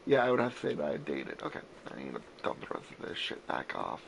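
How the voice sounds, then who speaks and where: A man's voice: extremely low pitch, wildly swooping pitch, fast, creaky, slight background noise, rough recording. A man in his twenties hosting a gaming stream, telling long rambling stories with lots of swearing and self-corrections. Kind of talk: casual storytelling chat.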